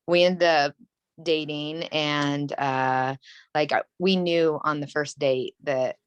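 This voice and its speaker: A woman's voice: low voice, fairly even intonation, takes it slowly, pauses often, smooth, no room sound. A woman in her thirties, an interview guest, candidly telling a personal story in a rambling, earnest way, full of "like" and "you know". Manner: earnest and emotional.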